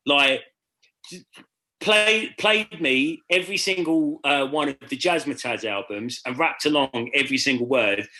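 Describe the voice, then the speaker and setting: A man's voice: medium pitch, unhurried, sharp tone. A man hosting a podcast over a video call, telling rambling stories in casual chat, swearing and acting out other people's voices. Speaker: podcast host.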